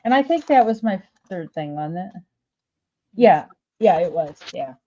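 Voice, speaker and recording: A woman's voice: fairly low pitch, animated, a little slow, lo-fi sound, a crowd in the background. A woman hosting a casual live sale, chatty and giggly, rambling as she shows items. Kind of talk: casual live-stream selling.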